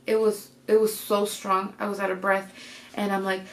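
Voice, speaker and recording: A woman's voice: medium pitch, little pitch movement, moderate pace, echoey room. A young woman, casually telling her birth story in a vlog, saying "like" a lot and quoting herself. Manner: chatty, heavy use of "like" and "I'm like" to quote herself. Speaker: vlogger.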